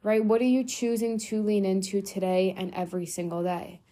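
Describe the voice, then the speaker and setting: A woman's voice: mid-range voice, a little fast, dark tone. A young adult woman hosting a motivational solo podcast, talking bluntly and swearing freely for emphasis. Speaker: podcast host.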